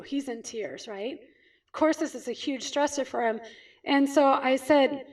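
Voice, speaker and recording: A woman from California with a high voice, speaking as a chiropractor to a group. She tells stories and asks questions she then answers, checking in often with "right?". She is heard from some distance off the mic. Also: fairly even intonation, normal speed. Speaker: chiropractor giving a talk. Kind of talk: storytelling talk to an audience.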